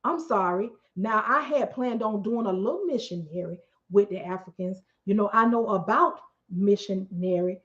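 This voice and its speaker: A woman telling a long story in a casual, animated way, acting out what other people said. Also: medium pitch, moderate pace, hardly any pauses. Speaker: storyteller host. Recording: muffled lo-fi recording.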